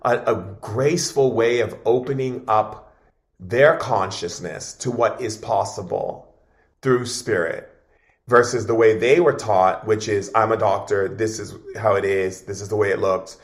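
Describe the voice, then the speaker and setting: A man as an interview guest, telling an animated story and acting out what others said. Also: fairly low pitch. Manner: expressive, dramatic storyteller acting out dialogue.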